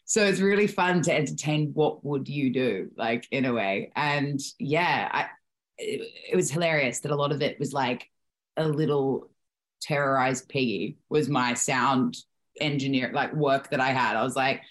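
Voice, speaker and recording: A young woman telling animated stories as an interviewed actress, acting out quotes. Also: a bass voice, moderate pace. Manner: animated storyteller, acts out quotes. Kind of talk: casual interview chat.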